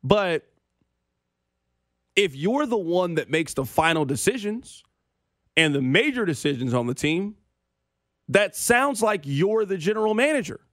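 A man's voice: high-pitched, big pitch swings, measured pace, pauses often, fairly bright tone, no echo. A man hosting a sports radio show, ranting with opinions and dry sarcasm.

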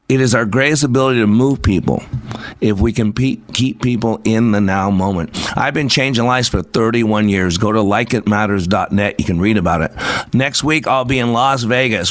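A man's voice: medium pitch, fairly bright tone, no room sound. A man hosting a motivational radio show as a leadership coach, speaking with an emphatic, preacher-like cadence.

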